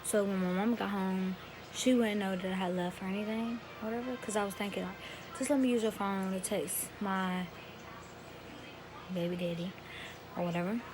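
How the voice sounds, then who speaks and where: A woman's voice: medium pitch, fairly even intonation, normal speed. Teen girl telling a story over room noise. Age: teens. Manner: rambling, emotional, slangy retelling. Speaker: vlogger. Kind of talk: casual storytelling to camera.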